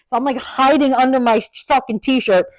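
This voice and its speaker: Animated, profane woman telling a story. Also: normal speed. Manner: drops low and quiet in asides. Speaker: podcast host. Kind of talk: casual storytelling rant.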